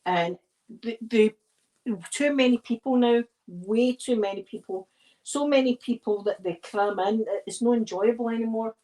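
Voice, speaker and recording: A woman's voice: fairly high pitch, normal speed, dark tone. Chatty Scottish woman rambling. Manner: rambling, digressive storytelling. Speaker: ASMR video creator. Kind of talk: casual chat while decorating a tree.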